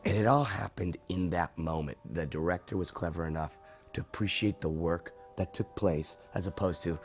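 A man with a low, deep voice tells behind-the-scenes stories in an interview. He is animated, acting out quick voices of the people around him as he goes. Faint music sits under him. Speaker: actor recalling a film shoot. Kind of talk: anecdotal interview.

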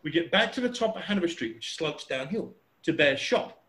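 A man in his sixties telling a casual, animated anecdote, chatty and acting out sounds and voices. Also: fairly high pitch, a little fast, reverberant. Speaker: storyteller.

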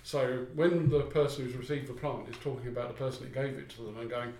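A man co-hosting a local podcast, wandering from point to point with dry jokes. His voice is of middling pitch, and the room around him adds noticeable echo. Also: fairly even intonation, quick pace, hardly any pauses, darkish tone, slight background noise. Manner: chatty, digressive, dry humour. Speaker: podcast co-host. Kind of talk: casual chat. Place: office or shared workspace. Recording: roomy echoey room.

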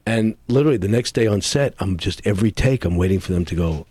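A man from New York, an actor, telling rambling, animated anecdotes with many restarts in a casual interview. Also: sits low, quick pace, few pauses, slightly rough, no room sound. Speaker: actor guest.

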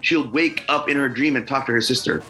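A man's voice: mid-range voice, brisk, sharp tone, soft background music, poor audio. A man, a musician guest, telling a long story in casual conversation, rambling with many fillers and swearing freely.

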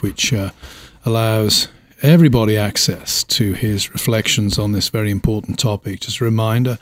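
A man hosting a podcast, wrapping up in a measured way with frequent uhs. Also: on the low side, no room sound, clean studio sound. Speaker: podcast host. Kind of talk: podcast closing remarks.

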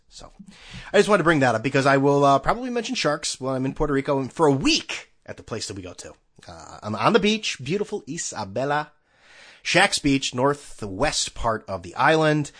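A man's voice: medium pitch, fairly bright tone, slightly rough. A man hosting a podcast alone, rambling in a sarcastic, casual way and swearing freely. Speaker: podcast host. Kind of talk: casual solo chat.

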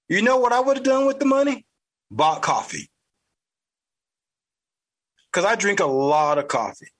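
A man with a Southern US accent, hosting a podcast with blunt, fired-up political commentary, mild cursing and a husky voice. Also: high voice, a bit bright. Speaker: podcast host.

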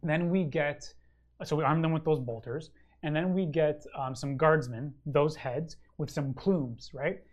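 A man's voice: fairly high pitch, measured pace. Rambling, enthusiastic man on a wargaming chat show. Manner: rambling and enthusiastic, full of ums and uhs. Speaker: regular co-host of a wargaming show. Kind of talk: casual chat answering a listener question.

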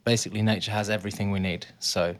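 A man's voice: fairly low pitch, level tone, quick pace, a little hiss or hum. Jokey male podcast co-host. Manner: jokey, playful asides. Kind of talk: casual podcast chat. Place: office.

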